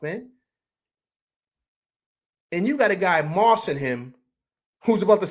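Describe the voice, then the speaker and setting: A man hosting a postgame football show rants about the game in a heated, rambling way, tripping over repeated words. His voice sits a bit high for a man and swings up and down a lot as he talks. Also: fairly bright tone. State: upset after a loss. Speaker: sports show host. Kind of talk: emotional postgame sports rant.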